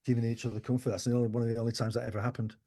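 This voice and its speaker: A man in his sixties, a musician guest telling stories in an interview, animated and swearing casually. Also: mid-range voice, very fast. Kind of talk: anecdotal interview storytelling.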